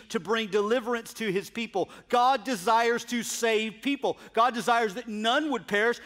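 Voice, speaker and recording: High-voiced emphatic male preacher. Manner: emphatic preacher, swings from loud to hushed. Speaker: pastor. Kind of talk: sermon.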